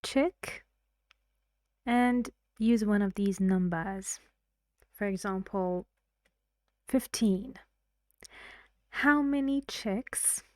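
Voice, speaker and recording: A woman teaching English pronunciation, taking her time over every word. Her tone is soft and mellow, and she explains patiently while quizzing her students. The recording is dry and close. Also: medium pitch, slow pace, dry recording. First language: Persian. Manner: patient, explains step by step and asks learners questions. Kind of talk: online pronunciation lesson.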